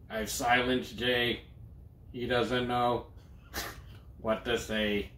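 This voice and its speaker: A man's voice: mid-range voice, little pitch movement, drawn-out words, sharp tone, echoey room. A man co-hosting a casual podcast chat. He jokes a lot, swears freely and often restarts his sentences. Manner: loose, profane, jokey, with many restarts. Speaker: podcast co-host.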